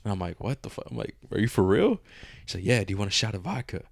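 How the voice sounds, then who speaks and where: A man's voice: lowish voice, fast talker, gravelly, dry recording, studio quality. A man in his twenties co-hosting a podcast, telling a story in casual chat, swearing and acting out the dialogue. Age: 20s. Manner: animated, swears freely, acts out dialogue. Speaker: podcast co-host.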